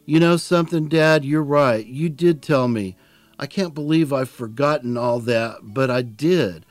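A man's voice: medium pitch, unhurried, dry recording, faint music behind, lightly acted. A man voicing a troubled adult son who speaks hesitantly, searching for his words.

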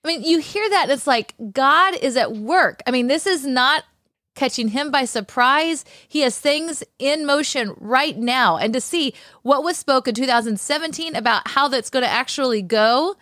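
A woman co-hosting a casual talk show, enthusiastic and quick to agree with her partner. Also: sits high, lively intonation, fairly bright tone, no room sound, studio quality. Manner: enthusiastic, affirming. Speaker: co-host.

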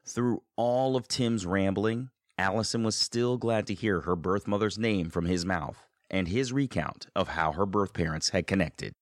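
Deep-voiced male radio narrator. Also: normal speed, hardly any pauses, no echo, studio quality. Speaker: host and narrator.

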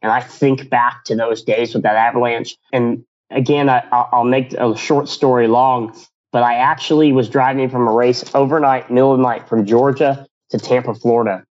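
A man's voice: mid-range voice, fairly even intonation, normal speed, a little mellow, muffled recording. A man, a business owner, telling stories in a casual radio interview, rambling with many restarts and acting out quotes.

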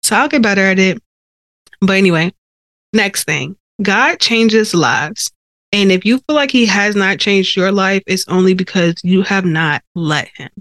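A woman hosts a faith podcast and shares her own story in an earnest, conversational manner. Her held breaths and sighs come through on a sensitive close microphone. The sound is dry, and her voice sits in a middle pitch. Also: moderate pace, fairly bright tone, no echo. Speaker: podcast host. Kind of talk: faith-based personal testimony.

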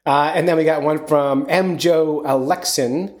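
A man's voice: fairly high pitch, steady tone, unhurried, darkish tone. A man hosting a casual podcast, rambling and upbeat with lots of fillers. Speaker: podcast host.

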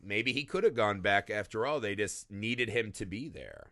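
Man, podcast host, bright forceful voice, lively pitch, dry close sound, casual film talk. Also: normal speed, no echo. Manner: animated, swearing, frequent "right?".

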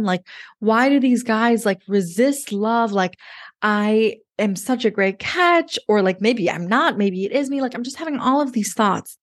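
A woman's voice: medium pitch, normal speed. A woman in her thirties, a podcast guest, telling her story in a chatty way with lots of "like" and quoted thoughts. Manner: chatty, lots of "like", relives moments in quoted inner voice. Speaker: podcast guest, dating coach. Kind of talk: casual interview storytelling.

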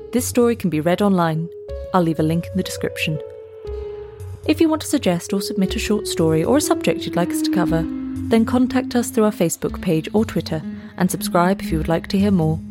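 A woman narrating a story in the first person with an even, measured reading. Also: lowish voice, music in the background.

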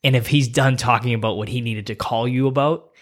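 A man's voice: mid-range voice, fairly even intonation, brisk. Man telling stories on a podcast. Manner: storytelling, repeats short emphatic phrases. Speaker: podcast host. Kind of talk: casual chat. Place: small home gym room with the doors closed.

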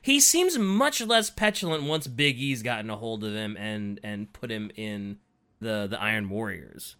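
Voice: medium pitch, animated, unhurried, a bit bright, smooth. A podcast co-host chatting casually, reacting with slangy exclamations and asking eager follow-up questions. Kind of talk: casual chat.

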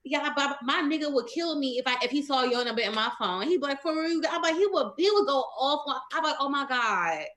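A woman's voice: high-pitched, quick pace, few pauses. A woman with an African American English accent telling stories in a casual group discussion and acting out the exchanges she describes. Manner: animated storyteller, acting out exchanges.

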